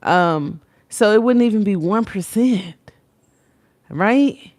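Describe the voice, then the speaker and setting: A woman's voice: medium pitch, lively intonation, slow, darkish tone. A woman with a Texas accent giving a casual tarot reading, rambling through blunt, profane asides. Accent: Texan. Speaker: tarot reader.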